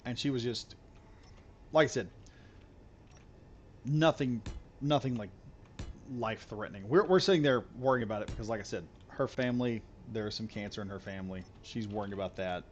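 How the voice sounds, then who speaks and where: A man's voice: fairly low pitch, moderate pace, pauses often, dull audio, slight background noise. A man chatting loosely to viewers while he live streams a game, rambling and repeating himself. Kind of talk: casual live stream chat while gaming.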